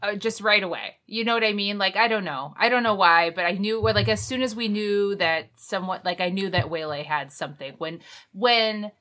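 Bright-voiced chatty woman co-host. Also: mid-range voice, normal speed. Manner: rambling, self-correcting, chatty. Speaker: podcast co-host. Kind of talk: casual chat recapping a book.

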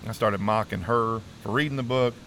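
A middle-aged man with a lowish voice tells his own story as an interview guest, earnest and emotional. He restarts his sentences often and keeps saying "man." A faint background noise sits under the recording. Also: steady tone, moderate pace, fairly bright tone. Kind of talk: candid personal testimony.

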